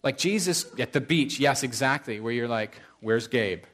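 Animated, conversational male preacher. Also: mid-range voice, moderate pace. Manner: conversational, animated storytelling with asides to the congregation. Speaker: pastor. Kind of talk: sermon.

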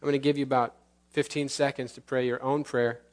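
A man pastor preaching a sermon in church, earnest with slow emphatic pauses, then leading the congregation in prayer. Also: mid-range voice, little pitch movement. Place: church sanctuary.

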